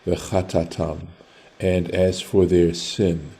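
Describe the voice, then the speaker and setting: Slow, deep-voiced man teaching Torah study. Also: little pitch movement, warm tone, slightly rough. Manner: translates Hebrew line by line, thinking aloud. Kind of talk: online Bible study class. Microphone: video call.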